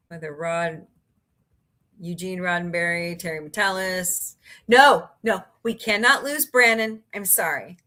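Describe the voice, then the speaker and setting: A woman's voice: mid-range voice, pushed and bright. A woman hosting a casual livestream, reading out viewer comments and chatting with sarcastic jokes and laughs. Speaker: livestream host.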